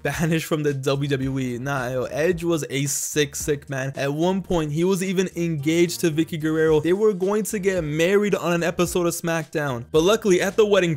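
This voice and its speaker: A young man with a rather high voice, talking in a slangy, dramatic rant. He piles on comic exaggeration and swings between disbelief and mock outrage as he tells the story. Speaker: wrestling video creator. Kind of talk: comedic ranting commentary.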